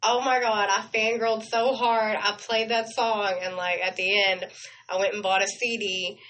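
A woman's voice: mid-range voice, little pitch movement, moderate pace, fairly bright tone, rough recording. A woman co-hosting a radio show, telling stories in a chatty, gushing way. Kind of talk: casual on-air chat.

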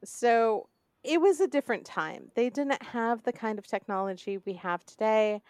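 A woman's voice: on the high side, animated, normal speed, a little mellow, smooth, no room sound. A young woman hosting a true crime podcast, telling the story in a sarcastic, conversational way. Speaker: podcast host.

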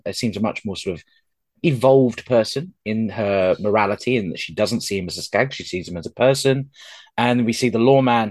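A man's voice: mid-range voice, dry recording. A young man hosting a casual podcast, rambling with many ums and restarts, self-deprecating. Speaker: podcast host.

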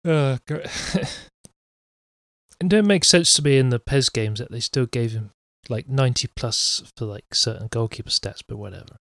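A man's voice: mid-range voice, moderate pace, gravelly, fairly bright tone, dry recording, clean studio sound. A young man co-hosting a casual football podcast, wry and sarcastic in his asides. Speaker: podcast co-host.

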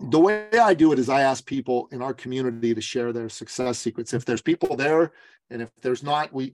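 A man in his forties tells a story as a podcast guest, in the easy manner of a business coach. He is lively and acts out other people's lines as he goes. His voice sits at a middle pitch, and the recording is dry with no room sound. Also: no echo.

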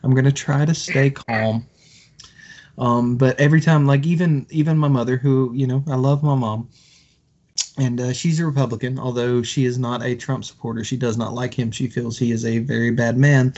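A man on a podcast, a few drinks in, rants with heavy swearing and stumbling restarts. His voice sits at an average pitch. The audio is dull and lo-fi. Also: steady tone, normal speed, a little mellow. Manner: profane, passionate, stumbling restarts. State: has been drinking. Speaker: podcast co-host. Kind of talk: heated casual political rant.

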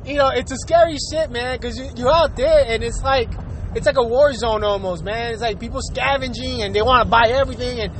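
On his own podcast, a man with a very high, fairly bright voice rants a little fast, cursing freely, leaning on fillers and laughing a lot. Slight background noise can be heard.

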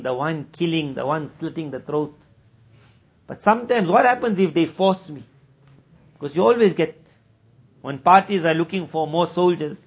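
A man giving a conversational sermon as a religious teacher, moving between plain explanation, acted-out dialogue and quick recitation of scripture passages. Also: on the high side, slightly rough. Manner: conversational, acts out quoted dialogue. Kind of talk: sermon at a weekly gathering. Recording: dull lo-fi recording.

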